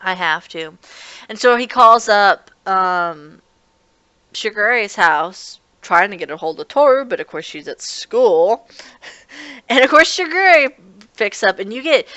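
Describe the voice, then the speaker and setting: Female anime reviewer, clear resonant voice, chatty casual recap, slips into character lines. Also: mid-range voice, expressive, slow pace, sharp tone, no echo. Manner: chatty, restarts often, acts out characters' lines.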